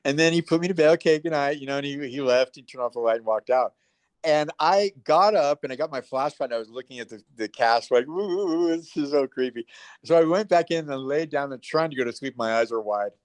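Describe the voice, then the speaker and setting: A man's voice: mid-range voice, fairly quick, no room sound. A man telling stories in a casual interview, acting out the voices of people he quotes. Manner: animated storyteller, acts out quoted voices. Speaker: guest, actor.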